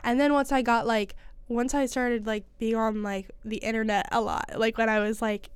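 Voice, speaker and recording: A woman's voice: on the high side, level tone, normal speed, smooth, dry recording. A young American woman co-hosting a podcast in casual chat, giggly and full of fillers, her nose stuffed up from a cold. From United States. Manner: chatty, giggly, with many fillers. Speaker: podcast co-host.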